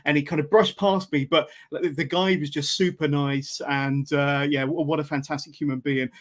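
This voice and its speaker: A man hosting a live podcast, reading out viewer messages and asking questions with halting, filler-heavy phrasing. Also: fairly high pitch, fairly even intonation. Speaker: podcast host.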